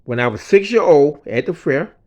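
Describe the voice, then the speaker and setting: A man telling a personal story in a quiet, low-key way, often dropping to a mutter and swearing freely. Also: lively intonation, moderate pace, dull audio. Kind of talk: personal story told casually.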